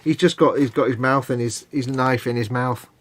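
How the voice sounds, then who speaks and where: A man's voice: medium pitch, fairly even intonation, normal speed. A man co-hosting a live hobby stream, explaining at length in a rambling, casual way with hedges and restarts. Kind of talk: casual chat.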